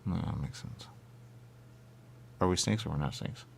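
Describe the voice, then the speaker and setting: A man's voice: animated, moderate pace, gravelly, a little hiss or hum. A man in absurd comedic banter, arguing in goofy circles. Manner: goofy, circular arguing with big pitch jumps.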